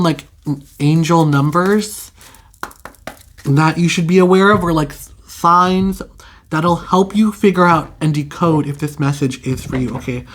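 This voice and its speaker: A young adult tarot reader giving a casual intuitive reading straight to the viewer, chatty and full of fillers, stretching out key words. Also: medium pitch. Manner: chatty, filler-heavy, drawn-out keywords.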